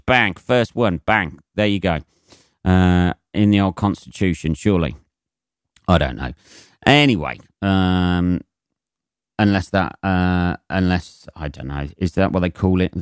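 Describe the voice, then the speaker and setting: A man's voice: deep voice, a little slow, clean tone, no room sound, studio quality. A British man hosting a podcast, ranting and swearing at length in a rambling, mocking way. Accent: British English. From Britain. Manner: sweary, rambling, mocks with put-on voices. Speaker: podcast host. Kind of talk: profane solo rant.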